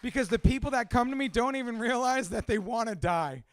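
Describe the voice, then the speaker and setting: A man's voice: very high-pitched, fairly quick, a bit bright, no echo, studio quality. A man from a Cuban family, a father of two, telling his life story in a candid, profane, emotional monologue. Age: adult with two children.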